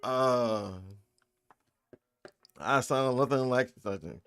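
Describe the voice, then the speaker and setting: A man's voice: mid-range voice, takes it slowly, a bit bright, smooth, soft background music. A man chatting casually on a live dev stream, reading and answering chat in a loose, joking way and laughing often. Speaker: game developer streamer.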